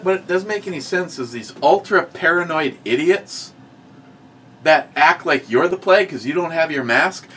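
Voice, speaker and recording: A man co-hosting a casual chat, ranting and swearing as he tells animated stories. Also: fairly high pitch. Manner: ranting, profane, animated storytelling. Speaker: podcast co-host.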